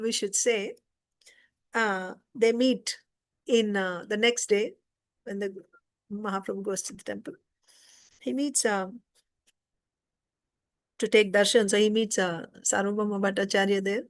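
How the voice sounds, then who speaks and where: A woman's voice: mid-range voice, fairly even intonation, measured pace, long pauses. A woman teaching an informal scripture class, retelling a story conversationally and stopping to explain.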